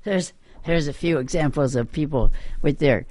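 A man's voice: fairly high pitch, moderate pace, a little mellow, dry recording. A male radio host chatting casually between songs and laughing along with callers' jokes. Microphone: studio mic.

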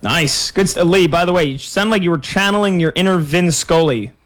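A man's voice: high-pitched, brisk, fairly bright tone. A man hosting a sports betting radio show, joking with co-hosts and reading calls and texts.

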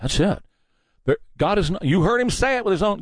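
A man's voice: sits high, expressive, a little fast, no echo. A man hosting a combative, mocking political commentary monologue.

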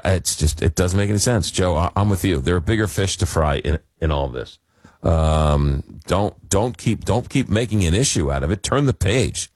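A man's voice: fairly low pitch, darkish tone, dry recording, clean studio sound. A man in his fifties from Long Island, New York, hosting a radio call-in show and telling rambling, self-deprecating stories. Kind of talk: casual talk radio storytelling. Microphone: studio microphone.

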